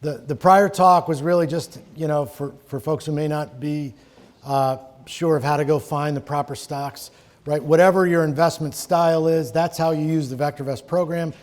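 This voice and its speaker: A man's voice: fairly high pitch, steady tone, moderate pace, a little mellow. A middle-aged man from Connecticut presenting a live seminar in a conversational, joking way, to an audience in a room. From Connecticut, USA.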